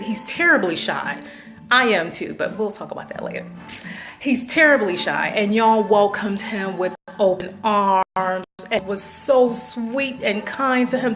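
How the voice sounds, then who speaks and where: Effusive chatty woman host. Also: mid-range voice. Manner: effusive, chatty, thankful shout-outs. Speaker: show host. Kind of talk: casual video chat.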